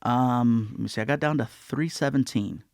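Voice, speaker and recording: A man being interviewed as a comedian guest, telling stories in a casual, lively way and often slipping into other people's voices. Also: mid-range voice, moderate pace, creaky, no room sound, studio quality. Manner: storytelling, lively, breaks into voices.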